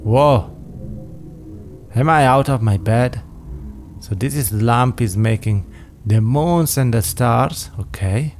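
Brief: man doing let's play commentary, slow-spoken and jumpy, faint music underneath. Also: medium pitch, a little mellow. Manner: jumpy, exclaiming, swearing reactions. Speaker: game player.

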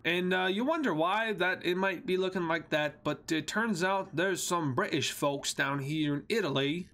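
A man's voice: a little high, a bit bright. A young man casually narrating a map scenario video, with joking asides and frequent fillers. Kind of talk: casual commentary over a map animation.

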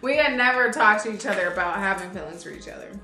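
A young woman co-hosting a couple's vlog, telling a personal story in a lively way and acting out what she said to herself. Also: medium pitch, fast. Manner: animated, acts out her own inner dialogue, many fillers. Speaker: co-host of a couple's channel. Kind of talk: casual storytelling chat. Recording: echoey room with faint music.

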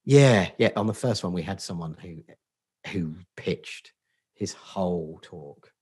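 A man's voice: low-pitched, expressive, slow pace, darkish tone, slightly rough. A middle-aged man with a Portsmouth accent, a podcast guest talking casually in a sweary, self-deprecating, joking way. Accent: Portsmouth English. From Portsmouth, England. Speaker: podcast guest, agency founder. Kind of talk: casual interview chat.

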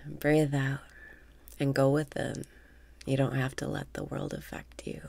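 A woman leading a guided meditation with calm breath cues, often dropping into a half whisper. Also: a bass voice, unhurried, creaky, no room sound.

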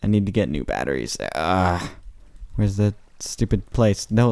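A man playing a video game and commenting casually, rambling to himself with excitable outbursts. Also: low-pitched, moderate pace, no room sound, clean studio sound. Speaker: gaming channel host. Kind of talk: casual let's play commentary.

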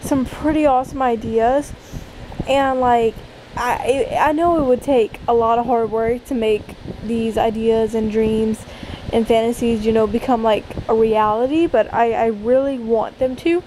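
A woman's voice: a little high, steady tone, measured pace, dark tone, a little hiss or hum, low-quality recording. A woman vlogging casually at home at night, full of fillers and restarts as she talks. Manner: stammering, restarting, lots of fillers. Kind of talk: casual vlog chat.

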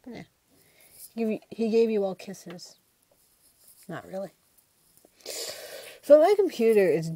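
Chatty teenage girl with a mellow voice. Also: on the low side, no room sound. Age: teens. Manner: chatty, rambling, quotes friends in animated voices. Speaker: vlogger. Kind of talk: casual rambling vlog.

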